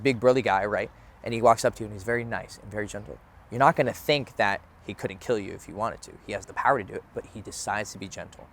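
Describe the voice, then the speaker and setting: A young man, a dating coach, talking candidly to camera outdoors in a casual, conversational way, swearing freely. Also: medium pitch. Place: outdoors near a bench.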